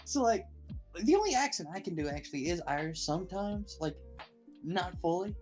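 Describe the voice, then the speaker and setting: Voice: mid-range voice, big pitch swings, normal speed, darkish tone, faint music behind. A podcast co-host in a casual chat, rambling and laughing often. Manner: giggly and rambling.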